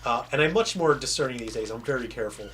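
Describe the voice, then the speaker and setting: A man's voice: mid-range voice, expressive, quick pace, fairly bright tone, a little hiss or hum. A man who is a game developer, chatting casually with viewers on a livestream and trailing off and restarting mid-sentence, with a faint Southern American accent. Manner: rambling, self-interrupting storyteller.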